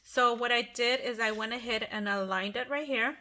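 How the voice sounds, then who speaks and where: A woman's voice: a little high, moderate pace, pushed and bright. A middle-aged woman hosting a casual craft tutorial at home, chatty and apologetic, often restarting her sentences. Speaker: craft channel host.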